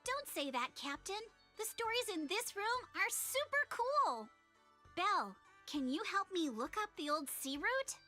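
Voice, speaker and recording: A woman's voice: very high voice, very animated, measured pace, bright, forceful tone, soft background music, exaggerated voice. An actress playing an eager, upbeat young female adventurer in a game. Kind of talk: video game voice acting.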